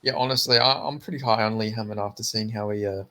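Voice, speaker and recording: A man's voice: on the low side, steady tone, fast, sharp tone. A man co-hosting a podcast, chatting casually about fights, with stammered restarts and plenty of swearing. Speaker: podcast co-host.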